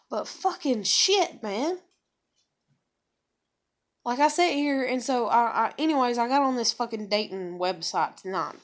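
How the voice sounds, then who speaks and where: A woman's voice: fairly high pitch, unhurried, long pauses. Profane young woman ranting to camera. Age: young adult. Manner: profane, ranting, frequent sighs. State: upset and bitter. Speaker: vlogger. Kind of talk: emotional monologue to camera.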